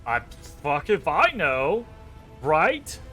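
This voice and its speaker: A man's voice: fairly high pitch, sing-song, drawn-out words, fairly bright tone, soft background music. A man giving casual gameplay commentary, musing aloud and swearing casually. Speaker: gamer playing a video game.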